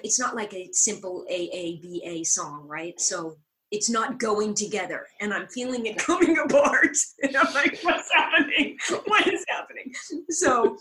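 Middle-aged woman, stage-actor guest, lively storyteller with a mid-range voice that jumps around to act out quotes. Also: poor audio. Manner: animated storyteller, acts out quoted lines with big pitch jumps. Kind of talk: casual storytelling interview.

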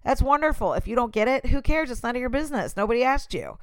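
A woman's voice: fairly high pitch, expressive, fast, no room sound. A woman giving a casual motivational talk straight to the listener, passionate and emphatic.

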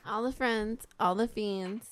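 A woman hosts a loose podcast chat in a playful, drawling way. She speaks slowly, stretching her words, with an average pitch for a woman. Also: a little hiss or hum. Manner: playful, drawling, laughs between lines. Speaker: podcast host. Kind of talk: casual podcast banter.

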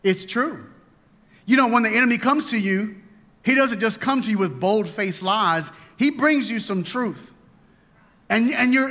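A pastor preaching a sermon in a folksy, joking, animated way, often restarting his sentences. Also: very high voice. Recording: long hall reverb.

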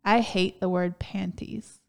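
A woman's voice: medium pitch, flat delivery, slow pace, vocal fry. Giggly young woman podcast co-host. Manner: giggly, playful, frequent laughter. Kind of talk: casual chat.

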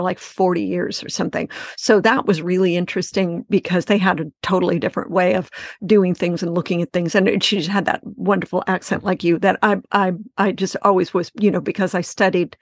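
A woman's voice: fairly low pitch, no room sound, clean studio sound. A middle-aged woman, a guest author and editor, talking in a chatty, rambling way. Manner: chatty, many fillers and restarts, laughs easily. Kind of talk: casual interview chat.

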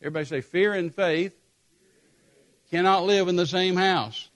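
A man preaching a sermon, telling a scripture story with emphatic repetition and animated storytelling. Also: high-pitched, normal speed.

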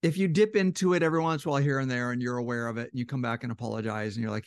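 Talking fast with hardly any pauses, a relationship educator explains relationships loosely in a gravelly, fry-heavy mid-range voice that sounds slightly strained. He acts out quoted couples with shifting voices. The recording is close and dry, with no room sound.

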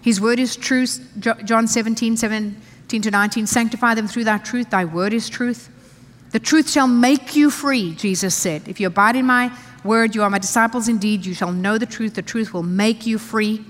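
A woman's voice: mid-range voice, steady tone, moderate pace, few pauses, a bit bright. A woman pastor preaching a sermon, reading scripture aloud and repeating key phrases with emphasis. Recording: church hall reverb.

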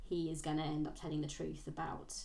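A woman's voice: sits low, monotone, brisk, creaky, warm tone. A woman co-hosting a podcast, chatting casually about a novel and recapping its plot with plenty of ums. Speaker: podcast co-host. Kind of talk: casual book discussion.

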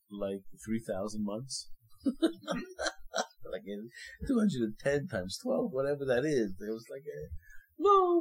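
An older man, a rabbi, giving an animated sermon full of jokes and acted-out little scenes. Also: mid-range voice, breathy edge, poor audio.

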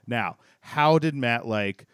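A man co-hosting a podcast, chatting casually and retelling things in a rambling, animated way with many restarts. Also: mid-range voice, slow, smooth, dry recording, clean studio sound. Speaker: podcast co-host. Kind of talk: casual chat.

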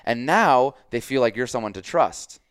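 A man's voice: mid-range voice, animated, moderate pace, no room sound, clean studio sound. A man hosting a casual podcast as a fitness coach, talking emphatically with lots of "like" and quoted dialogue.

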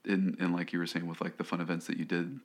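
A man with a low, deep voice gives casual advice on a podcast. He talks in stops and starts and leans on "you know" and "right?" as he works through his point. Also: level tone. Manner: halting, heavy on fillers like "you know" and "right?".

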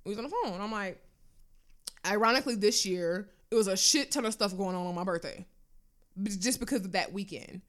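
A young woman telling a personal story in casual chat, animated and freely swearing. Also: medium pitch, fairly quick.

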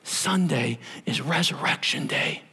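A man's voice: a little high, expressive, unhurried, bright, forceful tone, husky. A middle-aged male pastor preaching a sermon, telling the story with acted-out voices and sudden drops to a whisper.

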